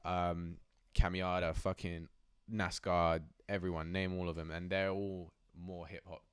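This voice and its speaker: Deep-voiced posh London rapper. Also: male voice, level tone, measured pace, a bit bright, clean tone, dry recording. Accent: posh London English. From England. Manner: loose, slangy, swears often, lots of fillers. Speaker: rapper and guest. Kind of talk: casual interview chat.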